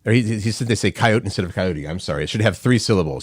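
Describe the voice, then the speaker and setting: Low-voiced playful radio co-host man. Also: expressive, fast, husky, no room sound, clean studio sound. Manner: playful, jumps in with asides. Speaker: morning show co-host. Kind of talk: casual radio chat.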